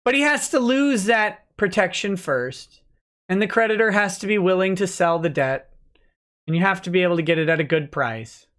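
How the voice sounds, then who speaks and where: A man's voice: high voice, normal speed, fairly bright tone. Joking man hosting a livestream. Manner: joking, rambling, reads chat aloud. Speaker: livestream host, lawyer. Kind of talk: casual livestream chat.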